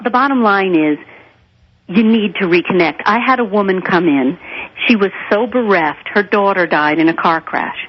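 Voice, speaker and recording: A woman's voice: mid-range voice, dull audio. A woman guest on a radio show, telling stories in an emphatic, earnest way. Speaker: guest therapist and author. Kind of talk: radio interview.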